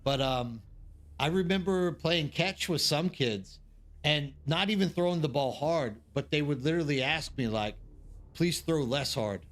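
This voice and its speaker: A man's voice: fairly high pitch, animated, moderate pace, fairly bright tone. A man hosting a live stream, telling rambling anecdotes to his chat with lots of fillers and restarts. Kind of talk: casual chat with viewers. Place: living abroad in South Korea.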